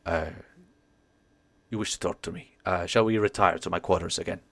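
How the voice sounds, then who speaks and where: A man voicing a smooth-talking elderly male sage, polite and unctuous. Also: sits low, fairly even intonation, moderate pace, no echo. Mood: courteous.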